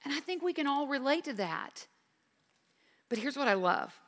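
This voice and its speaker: A woman in her fifties teaching from the Bible, earnest and emphatic, moving between quiet reflection and intense passages. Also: high-pitched, big pitch swings, moderate pace. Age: 50s. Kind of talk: devotional teaching. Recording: reverberant hall.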